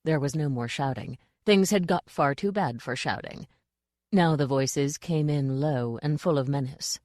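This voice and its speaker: A woman reading a comic fantasy audiobook in an even, dry storytelling delivery on a close mic. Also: deep voice, a little slow, no room sound. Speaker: audiobook narrator. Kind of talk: scripted audiobook narration.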